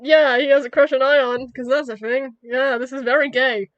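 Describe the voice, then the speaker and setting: Giggly high-voiced young woman streamer. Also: steady tone, moderate pace, no echo, muffled recording. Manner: giggly, self-mocking. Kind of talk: casual retelling of her own fan fiction.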